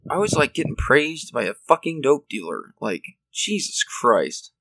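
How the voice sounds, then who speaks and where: Animated, profane young man telling stories. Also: fairly high pitch, moderate pace, no echo, poor audio. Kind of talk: casual storytelling chat.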